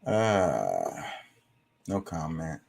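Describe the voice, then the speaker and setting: A man's voice: extremely low pitch, sing-song, extremely slow, vocal fry, darkish tone. A man reading viewer comments aloud and reacting to them in blunt, profane casual chat aimed straight at his audience. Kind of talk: casual live-stream commentary.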